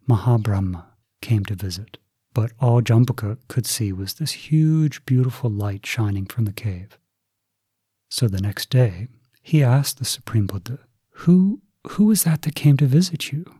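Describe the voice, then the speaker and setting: A male Buddhist preacher tells a story slowly and deliberately. His voice is dark and husky, and the recording is dry and close, with no room sound. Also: on the low side, dry recording. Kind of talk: sermon storytelling.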